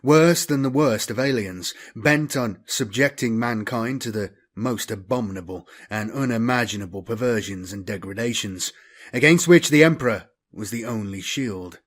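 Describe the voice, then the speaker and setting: This audiobook narration of a science fiction novel comes from a man with a medium-pitched voice at normal speed. His reading is steady and dramatic, and phrase endings often fade quieter.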